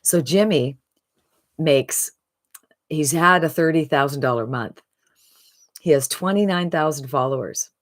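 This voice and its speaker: A woman giving an upbeat, motivational sales pitch for online marketing, often tagging her points with "right?". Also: measured pace, pauses often. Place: streaming live from a phone.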